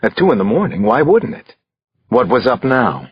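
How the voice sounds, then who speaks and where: A man narrating a thriller audiobook in an expressive, lively way. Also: medium pitch, normal speed, husky, dry recording, highs cut off.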